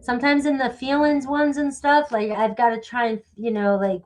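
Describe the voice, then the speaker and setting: A woman's voice: on the high side, fairly even intonation, unhurried. A woman giving a casual live tarot reading, chatty and rambling, with a sniffly stuffy nose. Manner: chatty, rambling, thanks viewers by name. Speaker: tarot reader.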